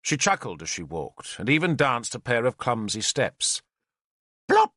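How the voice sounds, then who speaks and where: With a mid-range voice at normal speed, a man gives an expressive, story-driven reading of an audiobook script. It's studio-quality audio without any room sound.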